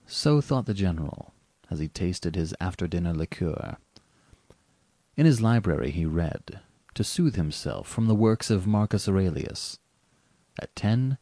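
Man, story narration, low voice, warm tone, dramatic measured reading. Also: dry recording. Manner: measured, dramatic, varied delivery.

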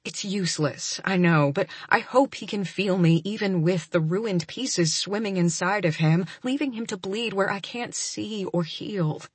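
A young adult woman narrating a first-person romance audiobook, soft and emotional, often close to a whisper. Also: medium pitch, measured pace, few pauses, breathy edge, dry recording.

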